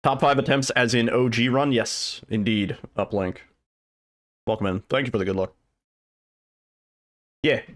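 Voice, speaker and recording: A man's voice: mid-range voice, fairly even intonation, unhurried, long pauses. A man streaming a speedrun, chatting casually and rambling as he answers his chat, with some casual swearing. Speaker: livestreamer and speedrunner.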